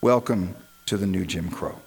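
A man's voice: mid-range voice, animated, unhurried, poor audio. A man, a minister, delivering an impassioned sermon built on rhetorical repetition.

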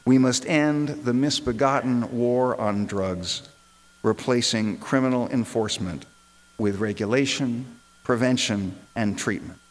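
Male minister, impassioned sermon delivery with rhetorical repetition, medium pitch. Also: measured pace, poor audio.

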